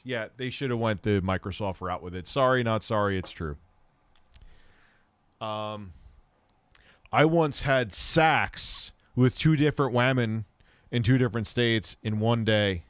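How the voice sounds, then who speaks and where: A man's voice: on the low side, a little slow, pauses often, clean tone, no room sound. A man in his thirties hosting a livestream, answering chat questions in candid, rambling, self-deprecating stories.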